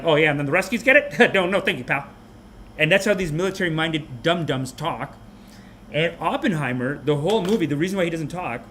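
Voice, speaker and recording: A man with a somewhat high voice rants through a comic movie review on his podcast. He talks in an animated, mocking way, and a faint hiss sits under the recording. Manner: animated, mocking, puts on quick character voices. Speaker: podcast host.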